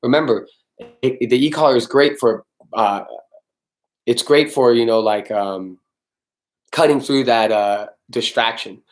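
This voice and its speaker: A man's voice: medium pitch, measured pace, long pauses. A man hosting a casual live-stream Q&A as a dog trainer, talking bluntly, swearing freely and answering viewers by name.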